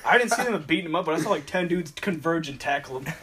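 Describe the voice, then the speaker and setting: A man's voice: on the high side, animated, quick pace, fairly bright tone, slight background noise. A young man in casual chat, telling a story in a laid-back way, swearing and laughing often.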